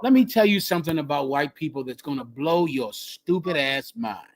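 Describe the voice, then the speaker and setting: A man leading a group and preaching in a fiery, emphatic way, repeating his phrases and swinging from loud bursts to hushed lines. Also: on the high side, expressive, moderate pace. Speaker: group leader teaching scripture. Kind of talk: fiery street-style preaching.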